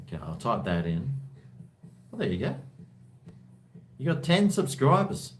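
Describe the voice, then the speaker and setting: A man's voice: mid-range voice, huge pitch swings, measured pace, long pauses, a little hiss or hum. An Australian man hosting a live stream from home, chatting in a rambling way and reading viewer comments aloud. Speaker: livestream host. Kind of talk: casual live-stream chat.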